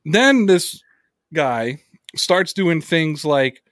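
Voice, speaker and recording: A man hosting a casual podcast, telling stories with animated energy and plenty of swearing. His voice sits a little high for a man, recorded close and dry with no room sound. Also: very slow, no echo. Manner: animated storyteller, swears freely, acts out quotes. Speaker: podcast host. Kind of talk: casual chat.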